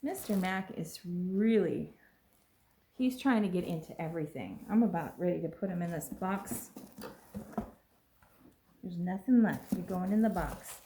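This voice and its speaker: A woman vlogging as she unboxes a package at home, gushing and exclaiming excitedly over each item. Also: fairly low pitch, unhurried, pauses often, slight background noise. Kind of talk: casual unboxing vlog. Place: at home with a pet. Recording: echoey room.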